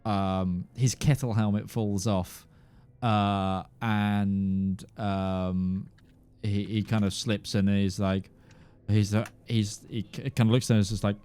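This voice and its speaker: A man narrating as game master of a tabletop game, halting and full of fillers, often breaking into laughter. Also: fairly low pitch, little pitch movement, mellow, clean tone.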